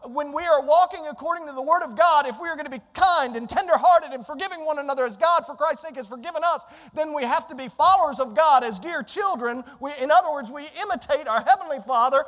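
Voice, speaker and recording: A man preaching a sermon as pastor, swinging between soft asides and loud emphatic lines, sometimes acting out the inner complaints of his listeners. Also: very high voice, quick pace, hardly any pauses, in a large hall. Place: church sanctuary.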